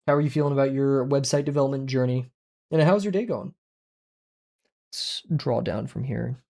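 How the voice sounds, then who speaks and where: A man's voice: medium pitch, normal speed, vocal fry, dark tone. A young man chats casually with his viewers while he draws on a livestream. His talk wanders, he pokes fun at himself, and he fills the gaps with easy small talk. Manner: rambling, self-deprecating, chatty with viewers. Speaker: drawing livestreamer. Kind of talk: casual chat while drawing on stream.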